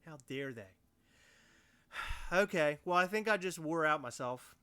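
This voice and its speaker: A man's voice: fairly high pitch, lively intonation, slow pace, pushed and bright, smooth. A man co-hosting a casual livestream podcast, joking around in a goofy, over-the-top way. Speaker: podcast co-host.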